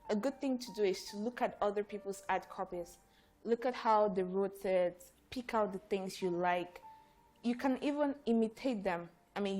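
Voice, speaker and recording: A woman's voice: medium pitch, a little mellow. A woman trainer giving a conversational workshop talk to an audience. She restarts and repeats words as she goes.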